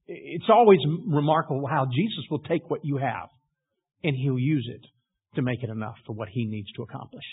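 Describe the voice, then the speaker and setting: A man preaching a sermon, retelling scripture in a storytelling way and building to loud emphasis. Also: medium pitch, normal speed, slightly rough. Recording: tinny phone-like audio.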